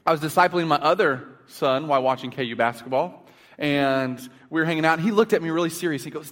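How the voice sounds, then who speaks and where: A man in his thirties preaching a sermon in church, telling family stories with big swings between loud and hushed. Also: on the high side, fast talker. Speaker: pastor. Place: church sanctuary. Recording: long hall reverb.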